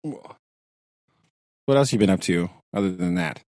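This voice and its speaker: A man in his thirties drawls slowly through a casual podcast chat. His pitch leaps and swoops a great deal, and he keeps ribbing his younger brother in a jokey way. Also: big pitch swings, vocal fry, darkish tone. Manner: teasing and jokey. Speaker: podcast co-host.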